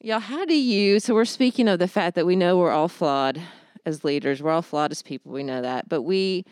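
A woman, co-hosting a casual faith discussion and telling stories with lively acted-out quotes. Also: fairly low pitch, moderate pace, clean tone, no room sound, studio quality. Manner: animated storyteller, acts out quotes. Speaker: podcast co-host.

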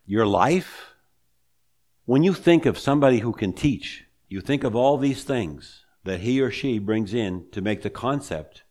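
Emphatic preacher, a man with low voice. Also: darkish tone. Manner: emphatic preaching with rhetorical questions and pauses. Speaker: pastor. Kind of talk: sermon.

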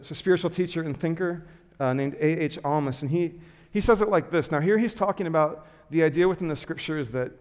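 A man giving a sermon, telling a self-deprecating personal story in a lively way with lots of filler words before turning to teaching. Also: on the high side, clear, resonant tone, long reverb tail. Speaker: pastor.

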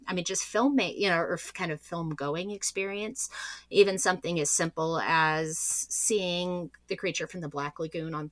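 A woman with a low, bright voice recorded dry and close speaks frankly in a casual panel chat. She often cuts off mid-word and starts again. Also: no echo. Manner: frank, breaks off to restart her sentences. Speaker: podcast panelist.

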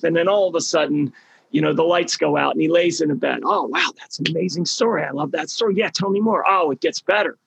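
A man with a gravelly, husky voice tells a story with passion and keeps repeating phrases for emphasis. He sits slightly high for a man's voice, and the sound is dry with no room around it. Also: a bit bright, dry recording, low-quality recording. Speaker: podcast guest. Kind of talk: impassioned storytelling.

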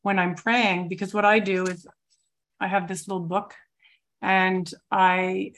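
Soft-spoken reflective woman sharing her recovery. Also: mid-range voice, flat delivery. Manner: reflective and searching, pauses often with soft fillers. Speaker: twelve-step program member sharing her story. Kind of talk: personal recovery testimony.

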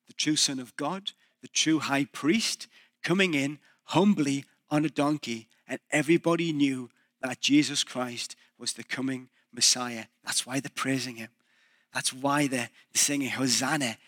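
A man's voice: fairly high pitch, a bit bright, no echo, clean studio sound. A male pastor preaching a sermon, building emphasis and putting questions to the congregation.

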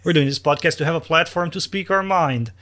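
A man with a talks through his views in relaxed podcast chat. He builds his case with analogies and often breaks off to restart a sentence. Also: a little high, brisk. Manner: thoughtful, explains with analogies, frequent restarts. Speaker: podcast co-host. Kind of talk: casual chat. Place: Moscow.

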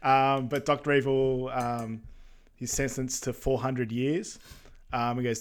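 A man co-hosting a podcast, chatting casually about a film with plenty of fillers and quick agreeing asides. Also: mid-range voice, fairly even intonation. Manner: easygoing, lots of fillers and agreeing interjections. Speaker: podcast co-host. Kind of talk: casual film recap chat.

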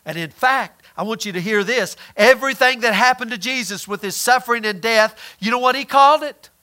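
A man preaching a sermon, emphatic, swinging between loud declarations and hushed asides, acting out the people in his stories. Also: extremely high pitch, fairly quick. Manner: acts out quoted voices in retelling.

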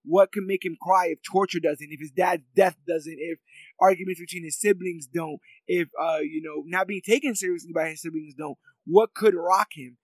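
A man's voice: sits high, moderate pace, no echo, poor audio. Rambling man in dry close sound. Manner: rambling, animated, lots of fillers and laughs. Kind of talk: casual chat.

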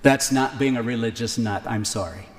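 A man preaching a sermon, conversational, with key lines repeated slowly for emphasis. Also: mid-range voice. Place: church. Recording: reverberant church hall, faint ambience.

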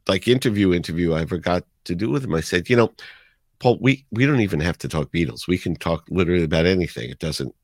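A lively man in his sixties with a New York accent spins stories, bouncing into other people's voices as he quotes them. His voice sits fairly low, and the recording is close and dry. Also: fast talker, no echo. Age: 60s. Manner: animated storyteller, acts out quotes. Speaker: radio DJ guest. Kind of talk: casual storytelling.

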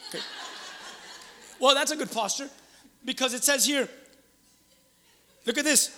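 A middle-aged man preaches a sermon in a church. His voice is high and bright. He shifts between loud exclaiming and hushed asides, and a long reverb from the hall hangs behind him. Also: unhurried, pauses often. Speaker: pastor. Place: church sanctuary.

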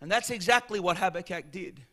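Man, pastor, sermon, bright edgy tone, impassioned, calls for responses. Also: fairly quick. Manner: impassioned preaching, swelling to shouts and dropping low.

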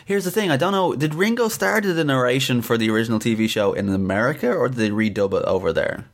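A man's voice: medium pitch, expressive, fast talker. A man hosting an interview, chatting casually with frequent fillers and easy laughter.

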